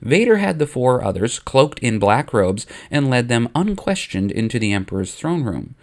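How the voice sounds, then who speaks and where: Give me a man narrating a comedy story on his channel, wry and casual, with a lively voice. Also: medium pitch, normal speed.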